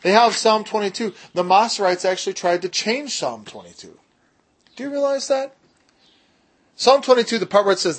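Husky-voiced man leading a Bible study. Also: sits high, expressive. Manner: emphatic, slows down to stress key words; jokey, self-deprecating asides. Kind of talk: casual Bible study teaching.

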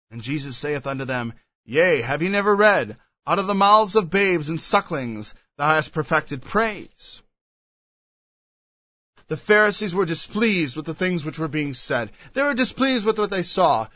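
A man with a high, bright, ringing voice preaches a sermon, reading old scripture aloud and unpacking each verse in turn. The sound is dry and close, on a dull, lo-fi recording. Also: no room sound.

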